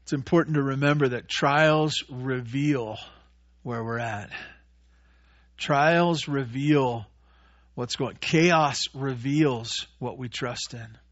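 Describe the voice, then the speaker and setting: A man preaching a sermon as pastor, animated, acting out the voices of the people in his story. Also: medium pitch, slow pace, highs cut off. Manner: animated, acts out voices of Jesus and disciples.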